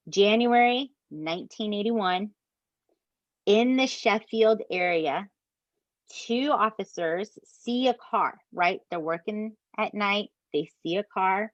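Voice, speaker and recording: A woman's voice: mid-range voice, slow, no room sound. A woman hosting a podcast, telling a true-crime story in casual, emphatic chat with co-hosts. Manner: animated, profane, emphatic asides to co-hosts. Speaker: podcast host. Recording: dull dry podcast mic.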